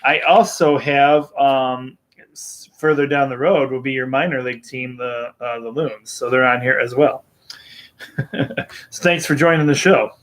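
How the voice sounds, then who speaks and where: A man hosting a live-streamed baseball picks show, talking in a relaxed way with lots of ums and chuckles. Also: medium pitch, measured pace. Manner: relaxed, filler-heavy, chuckling. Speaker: host.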